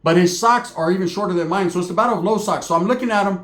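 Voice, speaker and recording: A man's voice: high-pitched, very fast, fairly bright tone, roomy sound. A man telling a comic story in a profane, slangy way, acting out other people's voices. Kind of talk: comedic storytelling monologue.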